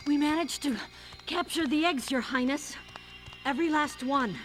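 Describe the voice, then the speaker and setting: An eager young apprentice, voiced by a woman, reports back to her ruler in a video game. Her voice sits high and sounds keen to please, with game music behind her. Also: normal speed, natural voice. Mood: dutiful.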